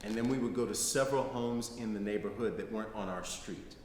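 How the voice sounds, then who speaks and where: In a lowish voice and at a slightly fast clip, a middle-aged American guest lecturer relates personal stories to a live audience. His manner is conversational, and he keeps checking in with "right?". Echo from the hall and faint noise are audible.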